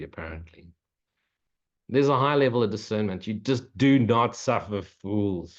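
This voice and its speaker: Blunt, profane male spiritual teacher. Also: on the low side. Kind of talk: casual Q&A talk. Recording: muffled, lo-fi recording.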